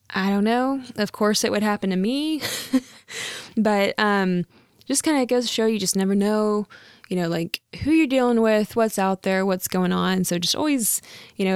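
A woman's voice: mid-range voice, clean tone, dry recording, clean studio sound. A young woman, a real estate agent, telling a story in a casual vlog, chatty with lots of fillers and frequent laughs.

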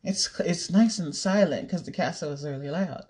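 A woman's voice: sits low, normal speed, darkish tone. A young woman chatting casually to camera, rambling, giggling and swearing now and then. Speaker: vlogger. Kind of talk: casual chat.

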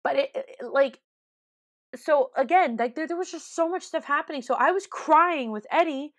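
A woman's voice: sits high, normal speed, dry recording, studio quality. A young woman in casual chat, emphatic and given to repeating words for effect.

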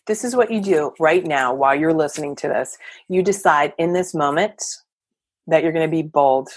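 A woman coach and therapist giving energetic, emphatic motivational advice as a podcast guest. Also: low-pitched, normal speed, no room sound. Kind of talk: podcast interview.

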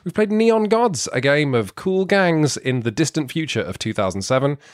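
A man's voice: fairly high pitch, expressive, moderate pace, no echo, clean studio sound. A man co-hosting a board game podcast, wry and enthusiastic, a little sniffly. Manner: wry, enthusiastic, rambling asides. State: a bit sniffly. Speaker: podcast co-host. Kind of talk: casual podcast chat.

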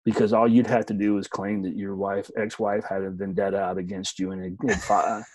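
A man's voice: fairly low pitch, little pitch movement, brisk, darkish tone, no echo, poor audio. A middle-aged man telling a story in casual chat as a podcast co-host, laid-back, swearing, often saying "man".

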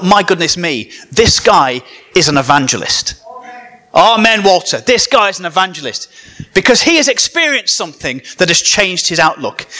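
A high-voiced man preaching with a comedian's timing, his pitch swinging widely as he jokes and banters with the crowd. His tone is bright and forceful, full of animated energy. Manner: animated, joking, banters with the audience. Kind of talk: comedic sermon to a live audience.

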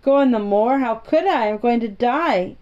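A woman's voice: medium pitch, moderate pace, warm tone, highs cut off, lightly acted. A woman voicing an imperious, sickly young boy who gives orders and asks demanding questions, in a storybook reading. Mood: eager.

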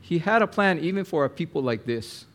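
Guy preaching, tells a story and acts out all the voices, kinda high-ish voice. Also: a little fast. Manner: animated storyteller, acts out quotes, addresses listener as my friend. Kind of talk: sermon storytelling.

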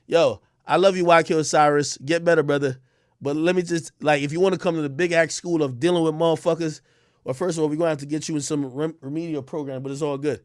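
A man ranting to camera as an online personality, loud and boastful with profane trash talk. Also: fairly high pitch, quick pace, dry recording, clean studio sound.

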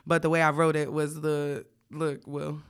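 Her voice low-pitched, smooth and level, this young podcast co-host speaks unhurriedly while bluntly telling a profane story. She reads text messages aloud and keeps breaking into laughter on the casual show.

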